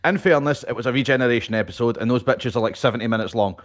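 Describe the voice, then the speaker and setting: A man's voice: mid-range voice, very fast. A man co-hosting a podcast in casual chat, swearing freely and laughing often. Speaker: podcast co-host.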